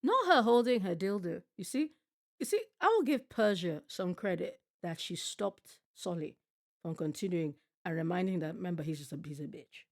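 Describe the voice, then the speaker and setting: A woman reacts to a TV show on her stream in a low, gravelly voice. She is blunt and profane, riffing on her own jokes and repeating lines for effect. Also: expressive, moderate pace. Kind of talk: casual reaction commentary.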